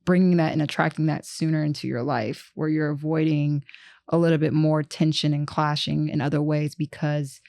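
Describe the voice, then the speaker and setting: A woman co-hosting a casual podcast chat, her voice sitting on the lower side. She talks in animated bursts, full of restarts and laughing asides, recorded close and dry. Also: normal speed, creaky, no echo. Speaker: podcast co-host.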